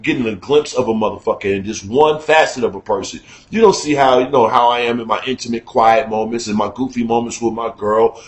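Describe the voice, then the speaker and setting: A middle-aged man giving a candid, profane talk-show monologue, emphatic and conversational, getting loud when he is worked up. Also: medium pitch, echoey room, low-quality recording. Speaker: radio talk show host.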